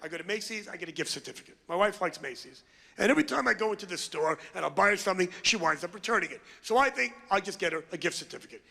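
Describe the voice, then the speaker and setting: Fast, gravelly, brash comedian man. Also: sits high, expressive, sharp tone. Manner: brash, crude, crowd work. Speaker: stand-up comedian. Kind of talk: stand-up comedy routine. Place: comedy club stage. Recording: long hall reverb.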